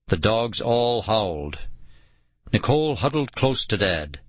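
Male audiobook narrator, measured and unhurried; dry, close sound. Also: lowish voice, big pitch swings, no room sound. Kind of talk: scripted first-person narration.

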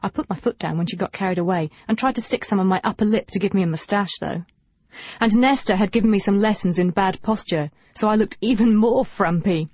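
A woman narrating a first-person novel in a lively, wry, humorous manner. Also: mid-range voice, fairly quick, slightly rough, dry recording. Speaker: audiobook narrator. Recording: dull dry audiobook recording.

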